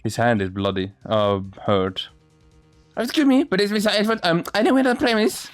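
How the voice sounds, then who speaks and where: A man's voice: sits high, big pitch swings, normal speed, no room sound, pitched above the performer's own voice. A man reading a courtroom game aloud and doing every character's voice himself, sometimes stumbling over words. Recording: faint music behind.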